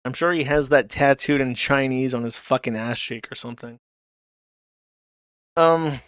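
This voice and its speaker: Male commentary host, sarcastic and crude, mid-pitched, dry close-mic sound. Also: normal speed, clear, resonant tone, no echo. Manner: sarcastic, profane, mocking. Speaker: streamer host. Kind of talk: casual commentary reading posts aloud.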